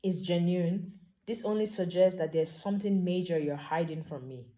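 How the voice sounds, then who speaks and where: Blunt, exasperated young woman with a mellow, low voice, read by a woman. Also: moderate pace, close to an everyday voice. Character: spirited, suspicious young woman.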